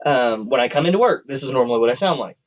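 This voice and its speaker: A man's voice: expressive, racing, poor audio. A man co-hosting a podcast from a room at home, rambling and joking with frequent laughs in casual chat. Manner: rambling, jokey, laughs often, drops into a deep voice for stories. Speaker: podcast co-host.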